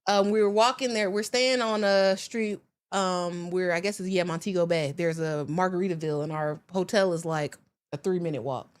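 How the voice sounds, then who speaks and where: An American woman, a podcast guest, telling stories in a lively, slangy, casual way. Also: lowish voice, moderate pace. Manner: animated storyteller, slangy. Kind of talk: casual chat.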